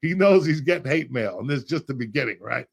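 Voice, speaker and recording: A middle-aged man hosting a podcast, a loud, profane storyteller with a gravelly, husky voice. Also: medium pitch, animated, quick pace. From Cuba. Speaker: podcast host.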